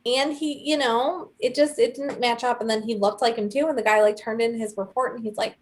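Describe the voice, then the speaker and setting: A young woman co-hosting a casual chat, telling a story with animated quoted voices. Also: on the high side, moderate pace, few pauses. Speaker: podcast co-host.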